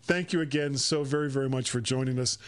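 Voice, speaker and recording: A man's voice: mid-range voice, fast, no echo. A man hosting a casual tech podcast, chatty and jokey as he rattles off his plugs. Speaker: podcast host.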